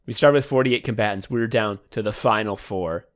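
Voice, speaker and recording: A man's voice: fairly low pitch, normal speed, few pauses. A man co-hosting a comedy podcast, rambling in a mock sports announcer manner. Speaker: podcast co-host.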